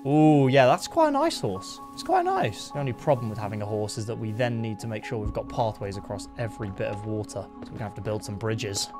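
A young man giving excitable, jumpy gameplay commentary, yelping when startled and talking to his horse. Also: on the low side, quick pace, hardly any pauses, over music. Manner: jumpy, excitable, talks to his horse, sudden yelps of fright. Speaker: gaming YouTuber.

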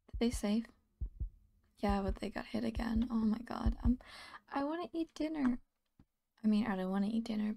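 A sleepy, tired woman hosting a gaming channel offers casual gameplay commentary, often half-whispering and mumbling to herself. Her voice is a little high, gravelly and darkish, with a little hiss or hum in the background.

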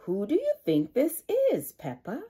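A woman voicing a patient mother pig in a storybook, gently explaining. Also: medium pitch, wildly swooping pitch, a little slow, breathy edge, exaggerated voice. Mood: gentle.

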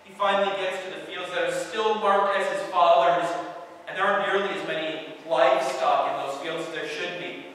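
A man's voice: high voice, steady tone, moderate pace, fairly bright tone, a little hiss or hum. A male pastor preaching a sermon and retelling a story dramatically, speaking directly to his listeners, recorded from a distance in a church hall.

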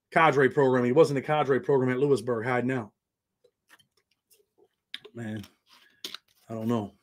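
An American man hosting a livestream, chatting loosely with viewers in slang and answering their comments. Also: fairly high pitch. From United States. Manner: loose, slangy, talks straight to chat. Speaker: livestream host. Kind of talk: casual livestream chat reading viewer comments.

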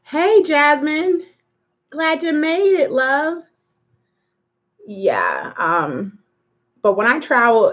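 A woman's voice: on the low side, slightly rough, lo-fi sound. A woman hosting a live makeup tutorial, chatting casually and rambling while she greets viewers by name. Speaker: makeup livestream host.

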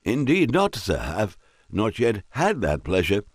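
A man's voice: fairly low pitch, huge pitch swings, a little slow, slightly rough, dry recording, studio quality, heavily acted. A man voicing a polite, cautious poet who answers hesitantly with stammers and fillers. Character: cautious, polite young-ish Scottish poet.

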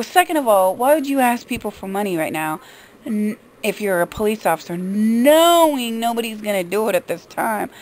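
A woman's voice: medium pitch, a little mellow, poor audio. A woman vlogger delivering a casual, indignant and sarcastic rant to the camera.

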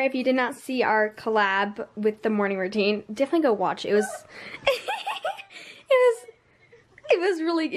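Chatty woman vlogging with a retainer in. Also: on the high side. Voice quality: slightly altered diction from the retainer. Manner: chatty and upbeat, with frequent ums and giggles. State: speaking with a dental retainer in. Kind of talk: casual vlog chat to camera. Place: at home by her closet.

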